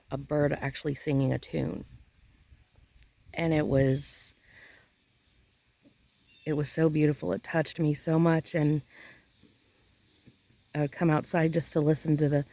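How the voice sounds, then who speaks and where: Rambling, emotional woman with a gravelly voice. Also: deep voice, warm tone. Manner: rambling, emotional, searching for words. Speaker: vlogger. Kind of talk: casual outdoor vlog. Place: outdoors in a yard chair.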